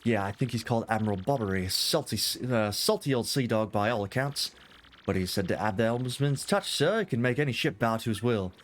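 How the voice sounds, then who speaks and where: A man voicing a gruff male sailor in a mock Cockney accent, deferential and always saying sir. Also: medium pitch, animated, a little fast, a little hiss or hum, close to an everyday voice. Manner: deferential, calls others sir.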